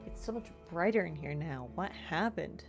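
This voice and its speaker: Chatty woman streamer, low voice. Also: expressive, moderate pace, vocal fry, music in the background. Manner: chatty, playful, self-described yapper. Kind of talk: casual let's-play chat.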